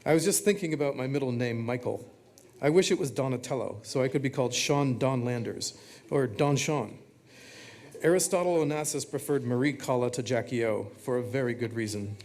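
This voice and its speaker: A man reading his own text aloud, delivering short confessional quips in a flat, deadpan way. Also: mid-range voice, brisk.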